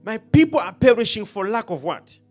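A man preaching a sermon in an emphatic, preacherly style, calling out questions to the congregation and swinging between loud and soft. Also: high voice, very animated, fairly quick, soft background music. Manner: emphatic, preacherly call-and-response, dramatic swings in loudness.

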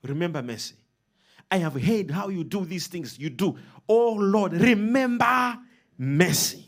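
A man preaching a sermon, leading the congregation in call-and-response and swinging between loud, emphatic lines and soft ones. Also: sits high, animated, measured pace.

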